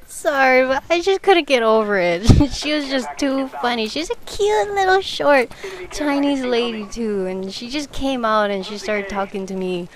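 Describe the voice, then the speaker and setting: A woman's voice: fairly high pitch, expressive, normal speed, noisy background. A young woman chatting casually over gameplay, telling work stories and giggling often. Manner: giggly, laughs through her stories. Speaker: gaming video commentator. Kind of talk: casual gameplay commentary storytelling.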